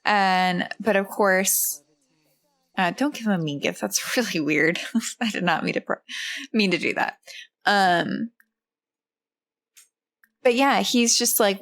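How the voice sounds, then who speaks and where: A woman's voice: mid-range voice, slow, pauses often, fairly bright tone. A woman hosting a casual let's-play, chatty and filler-heavy as she narrates her game. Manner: chatty, many fillers like "like" and "you know". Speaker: host, gameplay narrator.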